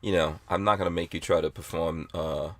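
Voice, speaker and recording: A male podcast host with a lowish voice who rambles and jokes around, pausing to read out listener chat. His voice sounds dry and close, with no room around it. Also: fairly even intonation, fairly bright tone, no room sound. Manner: rambling, playful, reads out chat comments.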